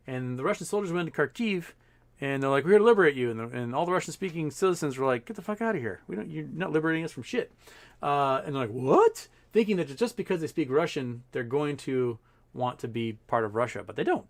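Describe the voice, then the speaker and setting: Casual male streamer, mid-pitched, rambling and filler-heavy, swears now and then. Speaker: livestream host. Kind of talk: casual livestream commentary.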